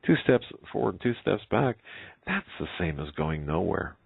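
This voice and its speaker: A man's voice: sits low, sing-song, normal speed, gravelly, breathy edge, dry recording, voice pushed up, exaggerated voice. A man voicing a bold, encouraging little girl in a read-aloud story. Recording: tinny phone-like line.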